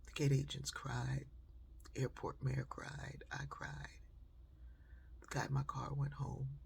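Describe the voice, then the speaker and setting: A woman speaker telling an inspirational story in an animated way, acting out dialogue and often dropping to a whisper. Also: extremely low pitch, slow pace, gravelly, slight background noise. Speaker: motivational speaker.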